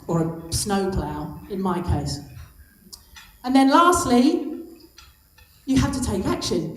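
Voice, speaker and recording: A woman's voice: a little high, a little mellow. Impassioned woman speaking on stage. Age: 50s. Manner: impassioned, emphatic, repeats for stress. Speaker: guest speaker. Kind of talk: motivational speech. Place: stage at a lunch event. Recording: echoey hall.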